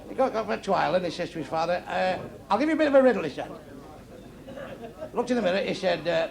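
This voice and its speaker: A man's voice: sits high, lively intonation, creaky. A man with a Manchester accent doing blunt, crude stand-up jokes, acting out the people in them, recorded live on a club stage. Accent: Manchester English. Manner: crude, blunt, quick punchlines, acts out characters in dialogue. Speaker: stand-up comedian. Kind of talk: stand-up joke telling. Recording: live club show with crowd laughter. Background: audience laughing.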